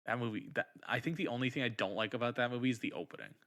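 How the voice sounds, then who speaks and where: A man's voice: medium pitch, rapid-fire, fairly bright tone. A man co-hosting a film podcast, firing off blunt, profane quips in casual chat. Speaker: podcast co-host.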